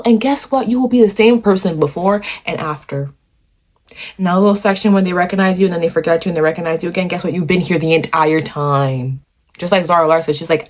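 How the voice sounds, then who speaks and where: A young woman talking to her phone camera in a warm room at home, giving animated, encouraging advice in a chatty way full of "you know" and "okay". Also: fairly low pitch. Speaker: vlogger. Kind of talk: casual motivational talk to camera.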